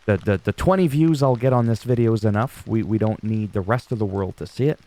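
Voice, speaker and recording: A man's voice: lowish voice, fairly quick, warm tone. A man in his forties giving casual solo wrestling news commentary, joking and self-mocking with rambling asides.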